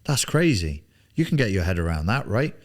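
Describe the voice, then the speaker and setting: A little fast and sing-song, the low voice belongs to a man in his forties. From a TV studio, he coaches on business in a blunt, emphatic monologue, swearing freely and repeating words to drive points home.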